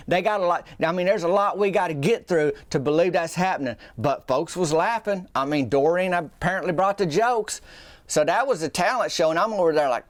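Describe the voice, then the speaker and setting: A man's voice: fairly high pitch, brisk, no echo. A man telling a comic story in a rambling, folksy way, full of restarts and asides. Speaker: storyteller host.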